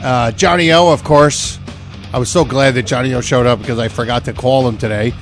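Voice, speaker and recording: A man's voice: medium pitch, fairly even intonation, fairly quick, faint music behind. Rambling male podcast host. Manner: rambling, joking. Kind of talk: casual comedy podcast chat.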